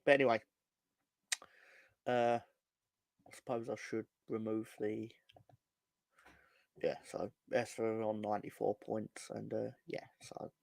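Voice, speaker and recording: Sardonic football fan. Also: male voice, on the low side, flat delivery, a little slow, gravelly, long pauses, a little mellow, dry recording. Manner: rambling, sardonic, swears freely. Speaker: football podcast co-host. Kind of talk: casual fan chat.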